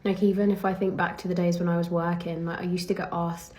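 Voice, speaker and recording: A woman's voice: on the low side, little pitch movement, fast talker, darkish tone. A young woman with an English accent, a professional golfer, talking casually to camera in a vlog rant. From England. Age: young adult.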